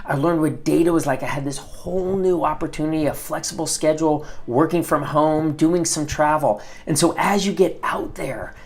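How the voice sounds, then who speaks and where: A man's voice: on the high side, normal speed, hardly any pauses. A middle-aged man, a former attorney, talking earnestly about leaving his career, with many repeated words and restarts. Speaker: host, former attorney giving career advice. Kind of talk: casual advice talk.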